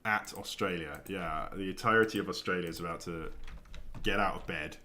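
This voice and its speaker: A man's voice: sits low, fairly quick, sharp tone. A young man chatting casually as a game streamer, rambling and thinking aloud with lots of ums. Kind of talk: casual chat while building in a video game. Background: faint keyboard clicks and typing.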